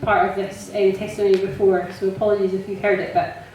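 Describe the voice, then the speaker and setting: A woman sharing a personal testimony in church, chatty and animated, laughing often and filling pauses with ums. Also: mid-range voice. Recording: echoey church hall, mic from a distance.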